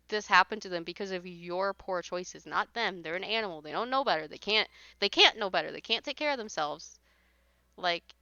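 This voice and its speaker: A woman's voice: lowish voice, bright, forceful tone, smooth, dry recording, highs cut off. A woman streaming live, chatting casually and reading out viewer comments, blunt and easily exasperated, swearing now and then. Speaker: streamer reading paranormal posts.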